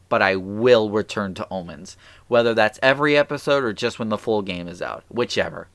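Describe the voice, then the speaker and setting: A man's voice: fairly low pitch, fairly bright tone, no echo. Exasperated man rambling about games. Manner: rambling, stuttering and restarting; exasperated, rhetorical questions. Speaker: game reviewer. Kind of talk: improvised video review commentary.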